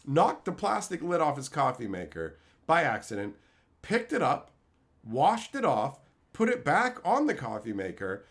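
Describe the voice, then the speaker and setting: A man in his thirties chatting casually on a live stream, telling stories and shouting out loud quotes. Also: on the high side, huge pitch swings, measured pace. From Canada. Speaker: streamer opening card packs.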